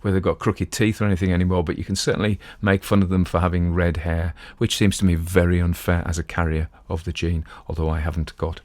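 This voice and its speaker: A man's voice: low voice, level tone, quick pace, few pauses, a little mellow, dry recording. A middle-aged man hosting a podcast, chatting casually and digressively about a classic detective story from his home. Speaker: podcast host. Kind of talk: casual talk on classic literature.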